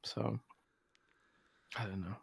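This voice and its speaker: A man's voice: lowish voice, fairly even intonation, takes it slowly, gravelly, heavy background noise. Drunk, sweary man on a podcast. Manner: loose, rambling and sweary. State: drunk, slurring words. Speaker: podcast co-host. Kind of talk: casual podcast chat.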